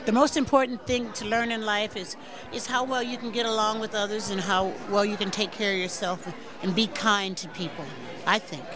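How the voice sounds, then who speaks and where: A woman blues singer being interviewed at a live event, warm and encouraging. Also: medium pitch, steady tone, normal speed. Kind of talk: casual chat at a live event. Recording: live event with loud band and crowd. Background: loud music and crowd.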